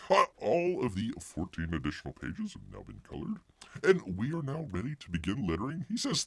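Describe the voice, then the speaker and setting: A man hosts a casual livestream, rambling with jokey asides and silly voices and referring to himself by name in the third person. His voice is fairly low, gravelly and husky, with huge pitch swings and a brisk pace, and there is no room sound.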